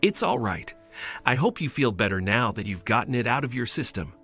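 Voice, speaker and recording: A man reading the lines of a kind, polite homeless man in a gentle, courteous way, with soft music behind. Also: mid-range voice, very animated, a little fast. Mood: reassuring.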